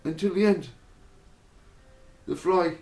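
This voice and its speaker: Male storyteller, slow and repetitive, casual swearing, roomy echo with faint music behind. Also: high voice, a little mellow. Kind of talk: rambling storytelling monologue.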